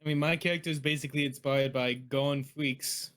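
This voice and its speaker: Chatting casually before an online tabletop game session, this man talks over a computer mic on a voice call. His medium-pitched, fairly bright voice moves a little fast with fairly even intonation, and he often restarts and hunts for words, sounding hesitant.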